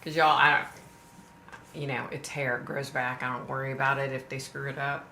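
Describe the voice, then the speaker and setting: Chatty woman, low and bright. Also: fairly even intonation, a little fast. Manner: chatty, sympathetic, greets viewers by name. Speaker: livestream host. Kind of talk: casual livestream chat. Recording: echoey room with faint noise.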